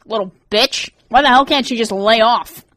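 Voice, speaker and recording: A woman voicing Rorik, an irritable teenage boy who swears and grumbles, pitched a little above her own reading voice. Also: normal speed, sharp tone. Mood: grumpy. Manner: snappy, swearing, sighing.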